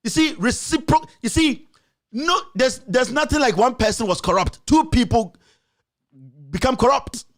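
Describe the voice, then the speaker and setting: Guy, high voice, fired up political rant, keeps hammering the same point. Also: measured pace. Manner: urgent, forceful and repetitive, rising to shouts. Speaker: political commentator. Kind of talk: impassioned political commentary.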